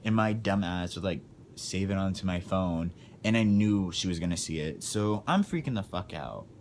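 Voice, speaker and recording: Young adult male vlogger, low pitch, crude and blunt storytelling. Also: lively intonation, normal speed, slight background noise. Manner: crude, swearing, filler-heavy, blunt. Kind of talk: casual storytime vlog.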